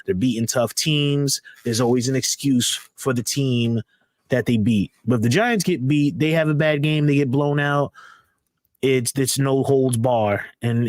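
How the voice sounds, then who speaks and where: A man co-hosting a podcast talks in a steady, conversational way at a middle pitch. The sound is dry and close. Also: no echo. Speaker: podcast co-host. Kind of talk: casual chat.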